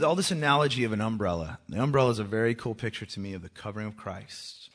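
A man with children, a worship leader giving a joking testimony talk to a church that rises into loud, urgent exhortation. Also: fairly low pitch, animated, quick pace, hardly any pauses. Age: adult with children. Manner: joking, self-mocking, often laughing.

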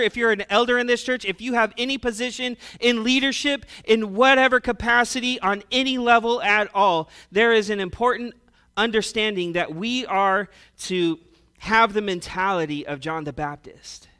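Male pastor, sermon delivery, high and bright, conversational swings between loud and hushed. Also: clear, resonant tone.

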